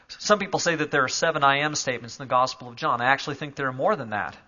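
Guy preaching in church, bright tense voice, gets loud and emphatic, kinda muffled lo-fi sound. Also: fairly high pitch. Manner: builds from calm explanation to loud emphatic preaching. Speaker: pastor. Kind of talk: sermon. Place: church sanctuary.

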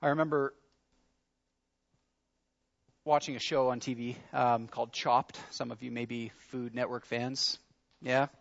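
A man's voice: medium pitch, little pitch movement, moderate pace, vocal fry, muffled recording. A man preaching a sermon in an earnest, conversational way, leaning into his questions. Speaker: pastor.

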